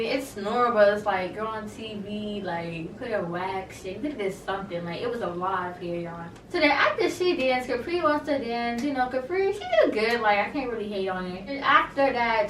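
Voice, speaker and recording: A woman's voice: medium pitch, a bit bright, roomy sound, recorded from a distance, slight background noise. A woman giving a casual, gossipy recap of a reality show, full of slang and blunt asides.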